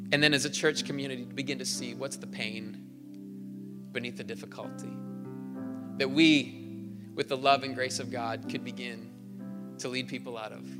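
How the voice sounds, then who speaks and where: A man preaching a sermon as pastor, earnest, building to emphatic repeated phrases in a large church hall. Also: fairly high pitch. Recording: live church hall reverb with soft instrumental music.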